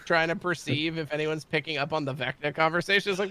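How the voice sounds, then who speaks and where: A man's voice: fairly high pitch, fast talker, pushed and bright, clear, resonant tone, no room sound. A man running a tabletop game as game master, narrating in a casual way, laughing often and swearing freely.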